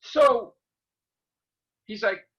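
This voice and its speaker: A man ranting casually to camera as a vlogger, excitable and rambling, swearing constantly. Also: very slow. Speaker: YouTube vlogger. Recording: dull lo-fi recording.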